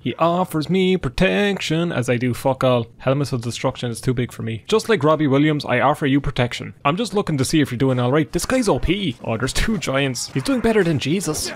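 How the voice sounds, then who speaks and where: A man's voice: medium pitch, animated, fairly quick, few pauses, slight background noise. A man giving joking, sarcastic gameplay commentary. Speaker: gaming YouTuber.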